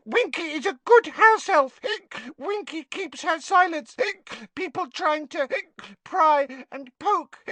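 A man voicing a drunk, tearful, fiercely loyal female house elf with a squeaky voice and broken grammar, in an audiobook. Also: takes it slowly, bright, forceful tone, no echo, heavily acted. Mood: indignant. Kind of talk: audiobook character voice.

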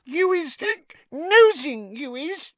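A man voicing a drunk, tearful, fiercely loyal female house elf with a squeaky voice and broken grammar, in an audiobook. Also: big pitch swings, takes it slowly, fairly bright tone, no echo, heavily acted. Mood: indignant. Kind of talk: audiobook character voice.

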